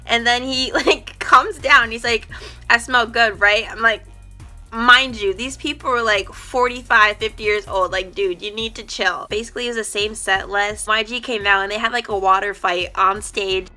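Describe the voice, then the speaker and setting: A young woman vlogger telling a story in a chatty, excited way, peppering her sentences with "like.". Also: fairly high pitch, moderate pace, soft background music. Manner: chatty, excited, full of "like" fillers. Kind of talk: casual storytime.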